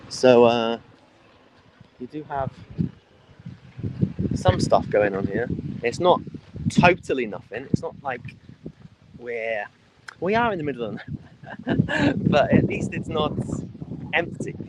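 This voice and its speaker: Man from the UK, chatty walking livestream, outdoors, steady background noise. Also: mid-range voice, slow, long pauses. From United Kingdom. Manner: rambling, chatty, with frequent fillers and restarts. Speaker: travel vlogger livestreaming. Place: outdoors in a rural mountain village.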